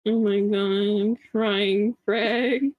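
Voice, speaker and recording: A woman's voice: mid-range voice, fairly even intonation, very slow, a little mellow, dry recording. A woman streamer chatting casually with a co-host, laughing a lot and swearing freely. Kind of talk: casual chat.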